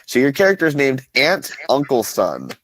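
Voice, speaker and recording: A man's voice: mid-range voice, huge pitch swings, normal speed, fairly bright tone, low-quality recording. A man playing a tabletop game in character, hesitant and rambling with many restarts. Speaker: player.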